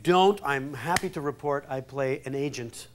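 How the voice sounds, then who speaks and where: A man from Wisconsin, a guest actor on a talk show, relaxed and joking, laughing easily. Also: mid-range voice, normal speed. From Wisconsin, USA. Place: TV studio with live audience. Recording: TV studio with very loud audience and noise.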